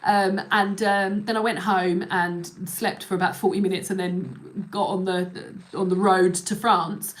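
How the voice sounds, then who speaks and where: A woman's voice: medium pitch, fairly even intonation, unhurried, hardly any pauses. A young woman telling a story to a live audience in a rambling, chatty way, full of fillers and restarts. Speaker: livestream host.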